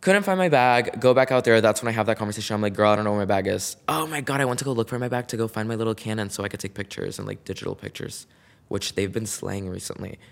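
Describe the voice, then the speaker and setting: A man's voice: lowish voice, fast, vocal fry. A man hosting his own podcast, telling a story in a chatty, dramatic way with lots of slang and "like". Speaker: podcast host. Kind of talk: casual solo storytelling.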